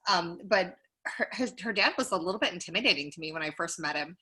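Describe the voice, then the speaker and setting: A woman's voice: lowish voice, animated, quick pace. A woman co-hosting a podcast in casual chat, telling family stories with lots of "like" fillers. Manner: chatty, many "like" fillers, warm storytelling. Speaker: podcast co-host.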